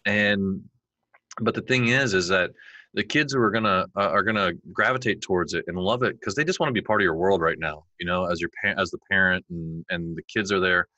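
A man in his forties, a podcast guest, chatting and telling animated stories where he acts out his kids' lines. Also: low voice, a little fast, no echo, rough recording. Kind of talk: conversational interview.

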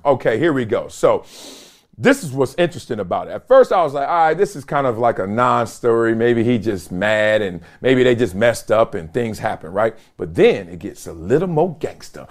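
A middle-aged man hosting casual solo sports commentary, slangy and animated, laughing often and talking straight to his viewers. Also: mid-range voice.

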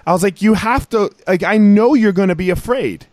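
Man, podcast host, high voice, dry close sound, animated storytelling. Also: a little fast, dry recording. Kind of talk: casual podcast conversation.

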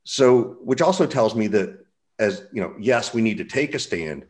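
A man with a very deep voice hosts a podcast in a casual interview style. He speaks in a loose, conversational way and often restarts his sentences. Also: animated, moderate pace, darkish tone. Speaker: podcast host.

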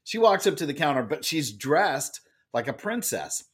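A man telling a story as a podcast guest, with a loud and lively manner. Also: fairly high pitch, moderate pace, husky. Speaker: guest, author and speaker. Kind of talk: animated storytelling in a podcast interview.

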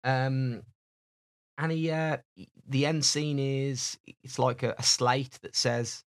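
A man's voice: mid-range voice, little pitch movement, slow. A man co-hosting a podcast, chatting in a rambling, casual way from his home office. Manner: rambling, chatty, laughs often. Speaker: podcast co-host. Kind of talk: casual chat.

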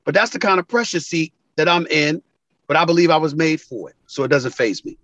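A man's voice: lively intonation, a little fast, fairly bright tone, muffled recording. A man, a sports TV commentator, talking in an interview and telling stories with emphasis, acting out quoted phone calls. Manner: emphatic, acts out quoted calls with big pitch swings. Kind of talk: animated interview storytelling.

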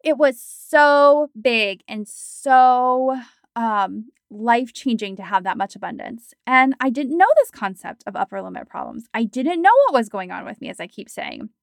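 A woman in her thirties, a coach, talking in a chatty, animated podcast monologue full of fillers. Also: on the high side, moderate pace, creaky, no room sound, clean studio sound.

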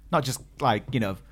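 A man co-hosting a podcast, chatting casually and joking, with lots of fillers and restarts. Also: mid-range voice. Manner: joking, rambling with many fillers. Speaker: podcast co-host. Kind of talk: casual chat.

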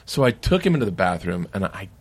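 A man's voice: low voice, sing-song, fast talker, gravelly, husky. A man telling rambling anecdotes in casual chat, with laughs and restarts. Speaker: guest comedian.

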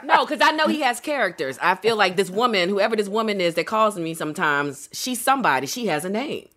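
A woman's voice: mid-range voice, lively intonation, fairly quick, a bit bright. A woman hosting a casual interview chat, asking teasing, playful questions. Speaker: host.

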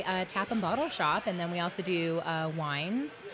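Bubbly woman with a lowish voice. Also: normal speed, music in the background. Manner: bubbly, chatty, animated storytelling. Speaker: marketing coordinator guest. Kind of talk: casual podcast chat. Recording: crowd noise in background.

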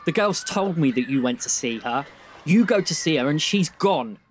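A British man voicing a frantic, aggressive middle-aged father who shouts accusations. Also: a little high, animated, normal speed, a little hiss or hum, close to an everyday voice. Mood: accusing.

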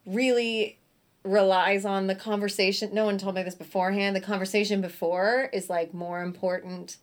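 A middle-aged woman talks as an interview guest, trading stories about her acting work. She tells them animatedly, slipping into quoted voices and laughing often. Her pitch sits in a plain middle range. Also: little pitch movement, moderate pace. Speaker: actress, guest. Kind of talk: casual interview chat.

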